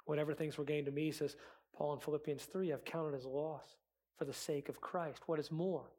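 A man's voice: a little high, fairly even intonation, moderate pace, darkish tone. A man preaching a sermon as pastor, earnest, acting out quoted prayers and excuses.

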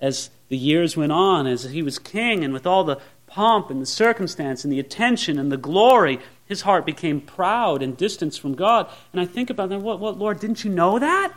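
A man's voice: a little high, lively intonation, moderate pace, hardly any pauses. A male pastor preaching a sermon, acting out the lines of biblical characters.

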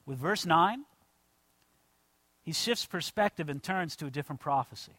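A man preaching a sermon. He calls his listeners "friends" and swings from quiet asides to loud, slowed-down declarations. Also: on the high side, expressive, no room sound. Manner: emphatic, addresses the congregation as "friends". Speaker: pastor.

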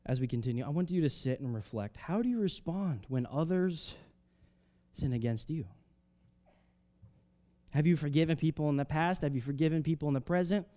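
A man preaching a sermon, reading scripture aloud and explaining it in a conversational way, swinging between loud emphatic rises and soft drops. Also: a little high, animated, normal speed. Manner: reads scripture aloud, then explains it casually with fillers.

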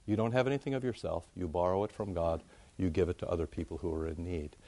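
A man giving an informal, conversational sermon to his congregation, jumping up high in pitch to make a point. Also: fast talker, dry recording. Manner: conversational, animated, rises high for emphasis. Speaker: pastor.

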